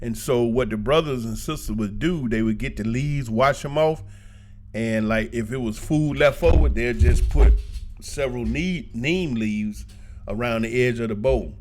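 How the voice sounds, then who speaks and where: A man's voice: medium pitch, measured pace, slight background noise. Brief: man vlogger, casual storyteller, colloquial, laughs a lot, gives blunt advice. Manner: animated, colloquial, laughs often, preachy asides. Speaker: vlogger giving travel advice.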